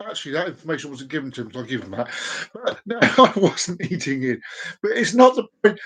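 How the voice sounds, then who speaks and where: An Englishman on a livestream, in an exasperated, ranting monologue that swings between loud outbursts and low mutters. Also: sing-song, fast, slightly rough. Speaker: livestream host.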